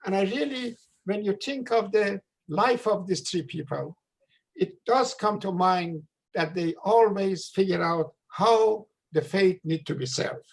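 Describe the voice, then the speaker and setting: A man giving an earnest memorial talk over a video call, pausing often with drawn-out fillers. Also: high voice, creaky, rough recording. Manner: hesitant, many drawn-out uh fillers. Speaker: memorial gathering speaker. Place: home room, virtual gathering. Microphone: video call microphone.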